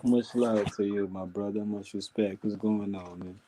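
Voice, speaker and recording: A man calling into a live stream, relaxed and soft-spoken as he greets the host. His voice sits low. A faint hiss runs under his remote mic. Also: moderate pace, rough recording. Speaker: caller. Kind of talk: casual chat.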